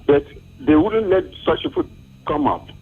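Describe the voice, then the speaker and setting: Nigerian male caller, orderly complaint, gravelly voice with lively pitch, phone-line sound. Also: moderate pace. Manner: steady, list-like complaint.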